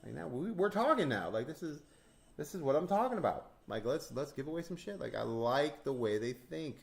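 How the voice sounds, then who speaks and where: A man hosting a crypto stream in casual chat, telling animated stories, acting out dialogue, swearing and laughing often. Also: on the high side, fairly quick, creaky.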